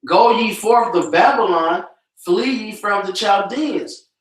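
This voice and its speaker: A man's voice: high-pitched, slow. A man preaching scripture, tagging his lines with "man" in a casual style. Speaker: street preacher. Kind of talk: street preaching. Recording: echoey and distant from the mic.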